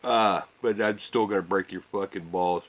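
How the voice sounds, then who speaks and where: A middle-aged man ranting casually to the camera, rambling and swearing, often trailing off into low mutters. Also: steady tone, moderate pace, low-quality recording. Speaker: vlogger.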